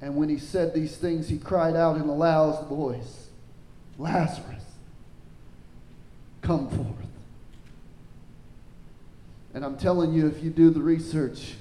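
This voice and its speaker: Speaking at a moderate pace with few pauses, this preacher reads scripture and checks whether the congregation understands, questioning them directly. He's animated and his pitch climbs on the quotes, heard in poor audio from an echoey room.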